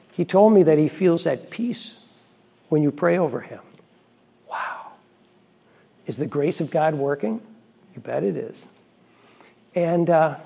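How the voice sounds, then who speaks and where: Gravelly, husky priest telling a story. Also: male voice, fairly high pitch. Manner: earnest, reflective storytelling with quiet asides. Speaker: Catholic priest. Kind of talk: storytelling homily.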